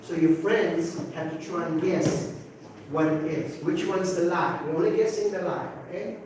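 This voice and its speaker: A man's voice: a little high, steady tone, moderate pace, noisy background. A man in his sixties from Africa, teaching a class in a conversational way, asking rhetorical questions and checking in with "okay?". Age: 60s. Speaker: English teacher. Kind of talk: classroom talk to students. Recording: very echoey room from far off, faint ambience.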